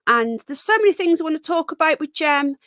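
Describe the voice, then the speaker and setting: A woman's voice: high-pitched, lively intonation, fairly quick, fairly bright tone, no room sound, clean studio sound. A woman hosting a live stream, chatting and rambling as she greets viewers and often breaks off mid-sentence. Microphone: close desk microphone.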